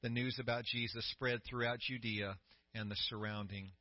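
A middle-aged man preaching a sermon as pastor, telling the story with growing excitement and a voice that climbs high. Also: normal speed, no room sound. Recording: dry, slightly dull sound.

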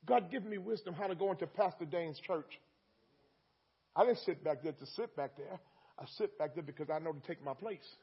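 A man's voice: on the high side, moderate pace, breathy edge, dull audio. A man preaching a sermon in a call-and-response style, repeating lines with rising emphasis.

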